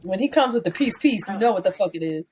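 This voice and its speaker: A woman co-hosting a podcast in casual chat, animated and rambling, swearing freely and jumping up high when she riffs. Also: fast, slight background noise. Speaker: podcast co-host.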